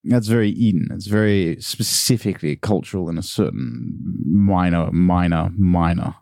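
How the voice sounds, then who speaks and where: Laid-back Australian man with a dark voice. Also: deep voice, moderate pace, creaky, dry recording, clean studio sound. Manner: playful, puts on posh voices in stories. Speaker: podcast guest. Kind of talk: casual chat.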